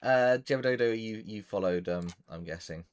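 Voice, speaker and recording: A man's voice: fairly low pitch, moderate pace. A man narrating as game master for a tabletop game, rambling with many fillers.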